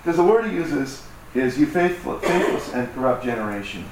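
This medium-pitched pastor speaks briskly with big swings in pitch, cracking self-deprecating jokes and performing voices in a chatty sermon. The mic is far off, in a reverberant hall with faint noise.

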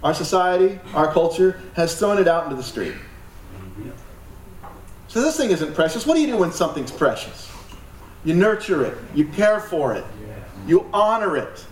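A man's voice: high voice, animated, moderate pace, pauses often, a little hiss or hum. A man preaching a sermon as pastor, emphatic, with joking asides and laughs. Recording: echoey hall from far off, light ambience.

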